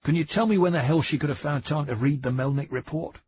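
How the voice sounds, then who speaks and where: Guy reading as a careful detective laying it all out, husky voice, dull dry sound. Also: on the high side, darkish tone, pitched above the performer's own voice. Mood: explaining. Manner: deliberate, emphatic, reasoning. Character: patient, methodical male police detective. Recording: dry, dull audiobook recording.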